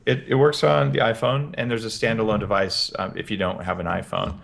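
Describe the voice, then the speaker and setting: A man as a podcast guest, explaining practical health advice in an energetic interview. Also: lowish voice, a little fast, vocal fry. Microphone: headphones with podcast mic.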